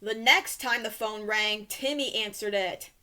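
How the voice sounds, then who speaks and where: A woman reading a children's storybook aloud in a slow, expressive way. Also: medium pitch, clear, resonant tone. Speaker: storybook reader.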